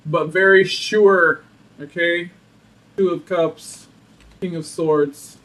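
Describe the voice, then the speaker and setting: High-voiced sassy man reading tarot. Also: slow, recorded from a distance, a little hiss or hum, poor audio. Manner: sassy and animated, laughs often. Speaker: tarot reader. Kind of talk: casual tarot reading to camera.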